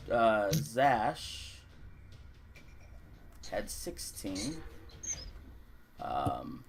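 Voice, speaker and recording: A man narrating and running a tabletop fantasy game as dungeon master, relaxed and filling pauses with ums and uhs. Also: fairly low pitch, vocal fry, background noise.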